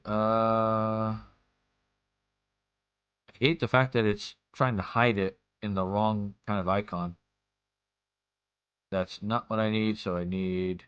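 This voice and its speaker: A man's voice: on the low side, fairly bright tone, clear, resonant tone, no room sound, dull audio. Man game master, casual, muttering, dry close sound. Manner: casual, muttering, cursing at his files. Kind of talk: narrating a tabletop game.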